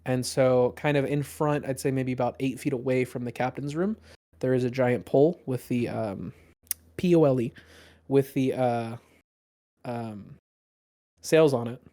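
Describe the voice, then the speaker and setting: A man's voice: mid-range voice, measured pace, mellow. A man narrating a tabletop game as dungeon master, rambling with many fillers.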